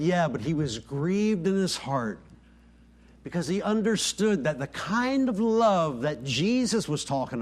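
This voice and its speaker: A man preaching a sermon as pastor, acting out quoted dialogue and sinking to soft, hushed lines for emphasis. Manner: preaching, dropping to soft near-whispers on key lines; voices quoted dialogue with rising pitch.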